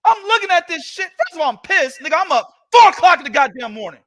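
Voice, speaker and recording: High, animated man ranting. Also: fast talker. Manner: profane, loud ranting. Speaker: boxing podcast host. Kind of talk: heated casual boxing commentary.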